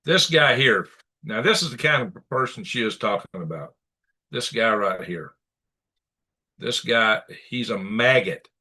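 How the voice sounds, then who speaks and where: A man's voice: medium pitch, expressive, measured pace, pauses often, sharp tone, husky. Indignant man ranting at clips. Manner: indignant, repetitive, blunt insults. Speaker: news commentary host.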